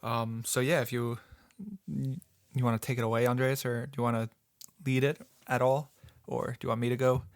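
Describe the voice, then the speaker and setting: A man's voice: medium pitch, flat delivery, normal speed, dry recording. A man co-hosting a podcast, chatting casually and rambling with lots of "like" and "um". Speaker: podcast co-host.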